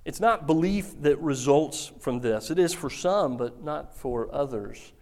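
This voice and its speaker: A man preaching a sermon, telling the story with lively acted-out quotes. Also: a little high, measured pace. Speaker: pastor.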